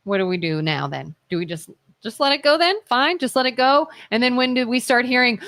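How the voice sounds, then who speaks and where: A woman's voice: on the high side, expressive, brisk, few pauses, fairly bright tone, dry recording. A woman co-hosting a live talk show from a studio, arguing her side with a string of rhetorical questions. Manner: argumentative, fires rhetorical questions. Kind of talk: live talk radio debate.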